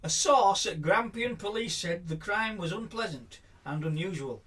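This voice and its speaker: Animated man, high lively voice. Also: moderate pace, few pauses, slightly rough. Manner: animated, giggles while reading, dry asides. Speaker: podcast co-host. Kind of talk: casual podcast chat, reading a news article aloud.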